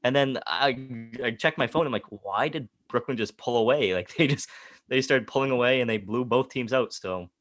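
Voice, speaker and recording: Excitable guy co-hosting a sports podcast, mid pitch, dry close sound, laughs a lot. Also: a little fast, no room sound, faint music behind. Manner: excitable, laughs often, retells his own reactions. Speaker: podcast co-host. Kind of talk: casual sports chat.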